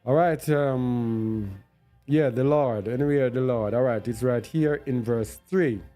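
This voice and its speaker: Man, bible teacher, slow delivery, thinks aloud, repeats words for emphasis, faint music behind. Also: medium pitch, warm tone. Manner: thinks aloud while searching on screen; stresses words by repeating them. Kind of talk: unscripted scripture teaching.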